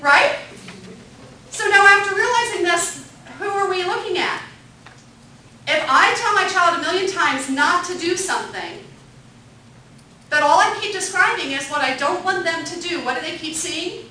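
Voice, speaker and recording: A woman's voice: extremely high pitch, animated, moderate pace, long pauses, bright, forceful tone, a little hiss or hum. A woman teaching a parenting class, upbeat and questioning the group and echoing back their answers. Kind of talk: interactive classroom lecture. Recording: echoey room from a distant mic.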